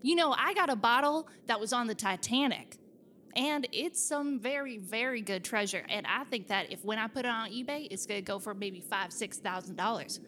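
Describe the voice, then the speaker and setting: A woman's voice: a little high, normal speed, pushed and bright, slight background noise. A woman playing a pushy young hustler who boasts bluntly about her junk treasure. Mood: boastful.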